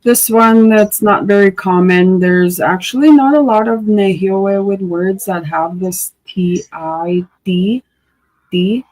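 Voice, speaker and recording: A woman teaching a language lesson, slowly sounding out syllables and words in casual drills. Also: mid-range voice, a little mellow, low-quality recording. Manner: slow, drawn-out syllable drills.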